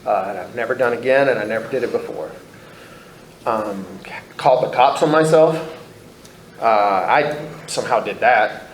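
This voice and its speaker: A man's voice: medium pitch, normal speed, long pauses, roomy sound, slight background noise, poor audio. A man telling his own recovery story to a group, candid and blunt, swearing freely, rambling with restarts.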